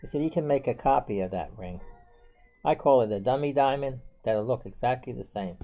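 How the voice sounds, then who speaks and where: A man's voice: mid-range voice, fairly quick. A man telling a personal story in a casual, rambling way, full of "you know" and restarts. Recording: dull lo-fi with faint music.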